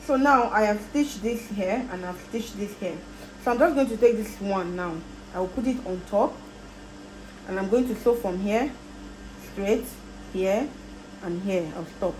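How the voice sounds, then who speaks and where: A Nigerian woman with a warm, mellow voice guides viewers through a sewing job at an easy pace, repeating each step as she demonstrates it. The sound is roomy and echoey, with a faint hum of background noise in her workspace. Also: mid-range voice, measured pace. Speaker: sewing tutor. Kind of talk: casual step-by-step sewing tutorial.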